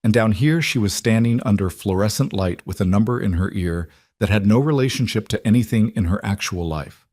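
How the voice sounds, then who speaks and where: A man narrating a scripted drama in a measured, even storytelling voice. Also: fairly low pitch.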